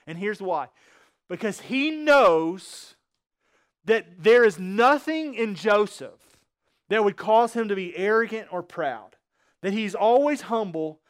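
A man preaching a sermon, often pausing to ask his listeners questions and then answer them himself. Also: high-pitched. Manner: asks the congregation rhetorical questions.

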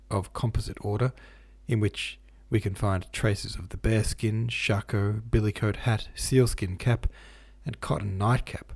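A man reading a classic novel aloud at a steady, measured pace, stopping now and then to explain the footnotes. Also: fairly low pitch, husky. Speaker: audiobook reader.

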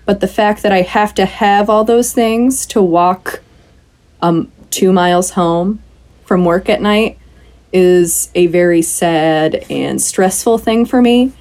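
A woman with a mid-range, slightly dark voice speaks at a slow pace. She's co-hosting a podcast, chatting casually and animatedly about films, acting out quotes and swearing freely.

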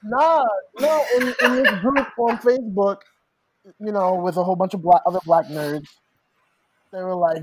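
High-voiced young man joking around. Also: animated, moderate pace, low-quality recording. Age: young adult. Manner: giggly, storytelling banter. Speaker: podcast co-host. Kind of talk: casual chat.

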